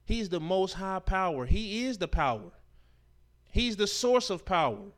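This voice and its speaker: Reading verses and unpacking them, a high-voiced man who teaches a Sabbath scripture class delivers a sermon with big swings in pitch. He moves between forceful statements and hushed asides, slows down on important words, and uses casual language and rhetorical questions.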